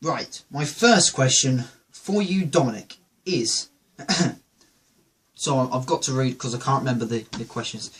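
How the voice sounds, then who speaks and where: A man's voice: mid-range voice, animated, measured pace, fairly bright tone, a little hiss or hum. A man hosting a show, telling a rambling, jokey comedic monologue. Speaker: host.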